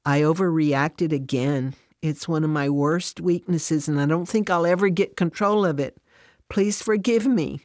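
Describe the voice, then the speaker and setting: A woman's voice: sits low, unhurried, darkish tone, dry recording. A woman voicing an upset working mother who turns defensive and sarcastic, close to tears. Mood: contrite prayer.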